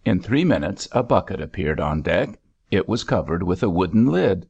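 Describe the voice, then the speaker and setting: A man reading a story aloud in measured, expressive scripted narration. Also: low-pitched, breathy edge. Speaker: audiobook narrator. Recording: dull lo-fi recording.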